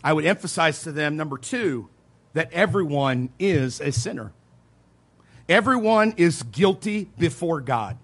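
A man with a high-pitched voice delivers a sermon as a pastor. He talks earnestly, drives points home by repeating them, and drops into quiet asides between louder stresses. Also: lively intonation, measured pace. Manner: earnest preaching, emphatic repetition, occasional soft laughs; swings between loud emphasis and quiet asides.

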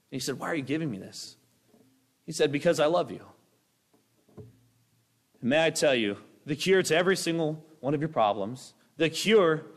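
A young man preaching a sermon with a rambling, energetic delivery, breaking into acted-out voices. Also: mid-range voice. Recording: long hall reverb.

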